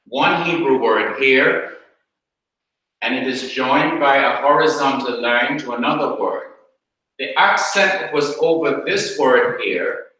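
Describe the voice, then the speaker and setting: Slow, deliberate Jamaican man lecturing. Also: medium pitch, pushed and bright. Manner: slow, deliberate explaining, repeats points. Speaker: Hebrew grammar teacher. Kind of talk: classroom lecture. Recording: very echoey room.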